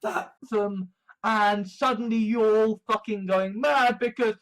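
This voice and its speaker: A man with a fairly high-pitched voice delivers a ranting commentary. He sounds exasperated and sarcastic, and he swears freely. He keeps hammering the same mocking phrase in outburst after outburst. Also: slow pace, a bit bright, poor audio. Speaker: online commentator.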